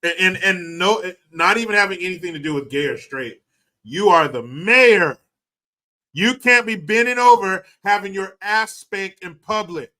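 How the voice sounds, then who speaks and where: Male livestream host, loose and crude, high-ish and expressive. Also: normal speed. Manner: profane, mocking, animated. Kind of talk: casual livestream commentary.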